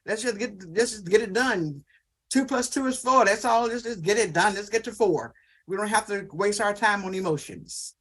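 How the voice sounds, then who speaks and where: A man's voice: high voice, normal speed, a bit bright. A man acting out a stubborn person who refuses to show emotion, speaking in a dismissive, clipped way.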